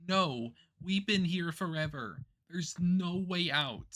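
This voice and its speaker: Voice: mid-range voice, lively intonation, measured pace, a bit bright, a little hiss or hum, pitched above the performer's own voice. A game streamer voicing a young woman in despair from endless time loops, pleading and desperate. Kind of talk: reading a visual novel aloud.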